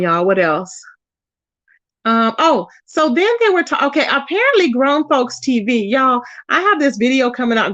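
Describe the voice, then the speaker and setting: Woman, live-stream host, casual chat, fairly high voice, dry slightly dull sound. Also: no room sound. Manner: chatty and animated, talks to chat, says "child" and "y'all".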